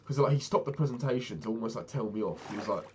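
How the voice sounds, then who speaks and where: A man's voice: fairly low pitch, quick pace, darkish tone, slight background noise. A young man casually recounting a frustrating meeting, exasperated and swearing freely as he talks. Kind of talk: casual storytelling rant.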